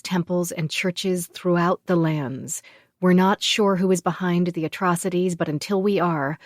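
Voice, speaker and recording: A woman narrating a fantasy audiobook in an even, measured storytelling manner. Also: on the low side, no room sound, studio quality. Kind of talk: scripted narration.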